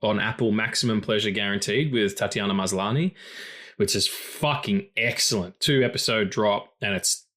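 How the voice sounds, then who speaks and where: This film-podcast co-host, a man not from his co-host's country, has a fairly low voice with a bright, forceful tone and a moderate pace. His casual conversation is rambling and profane, leaping between tangents.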